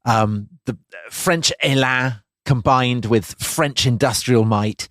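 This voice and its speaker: A man's voice: mid-range voice, slow pace, a bit bright, dry recording. A man co-hosting a history podcast, chatting with dry, teasing wit. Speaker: podcast co-host. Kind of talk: casual history podcast chat.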